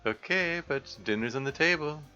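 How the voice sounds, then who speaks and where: A dry, teasing older brother with an attempted Yorkshire accent, played by a man, sarcastic and a touch above his normal register. The sound is bright and sharp but dull and lo-fi, with faint music behind. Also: on the high side, animated, normal speed, pitched above the performer's own voice. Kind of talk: voice-acting a visual novel.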